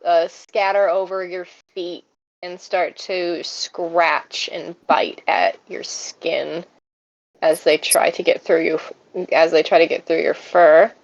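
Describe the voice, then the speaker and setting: A woman running a tabletop game as game master, narrating the scene in an unhurried way with fillers. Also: lowish voice, little pitch movement. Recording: dull lo-fi mic.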